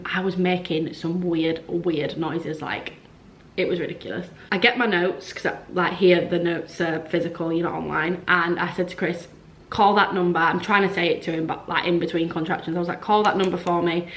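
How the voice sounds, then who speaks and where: A woman's voice: fairly low pitch, fairly even intonation, a little fast, fairly bright tone, a little hiss or hum. Chatty young woman. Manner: chatty, frequent "like", acts out quoted dialogue. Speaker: vlogger. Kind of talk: casual storytelling to camera.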